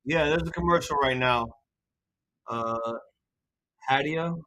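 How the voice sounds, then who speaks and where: A young adult with a New York accent co-hosting a casual live reaction stream, ranting loudly and joking with plenty of profanity. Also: medium pitch, slow, low-quality recording. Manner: loud, profane, joking rants.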